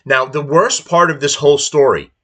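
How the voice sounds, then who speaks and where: A man's voice: fairly high pitch, steady tone, moderate pace, a bit bright. A man hosting a podcast, reading news aloud and breaking into indignant, heated commentary. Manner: indignant, heated ranting between read-out passages. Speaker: podcast host.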